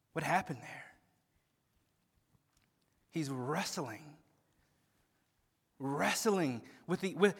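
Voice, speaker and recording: A man preaching an expository sermon, swinging from hushed low tones to loud emphatic peaks and often repeating words as he starts a phrase. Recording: long hall reverb.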